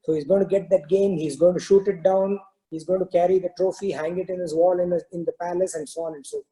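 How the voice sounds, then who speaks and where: A man telling a parable during a spiritual talk, in a relaxed storytelling manner with many "you know" fillers. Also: sits high, quick pace, poor audio. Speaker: spiritual discourse teacher.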